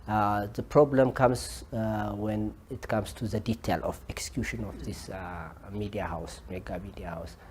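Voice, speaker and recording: A man with an Ethiopian accent answering interview questions, with many pauses and filler sounds. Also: lowish voice, steady tone, slight background noise. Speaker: interviewed journalist.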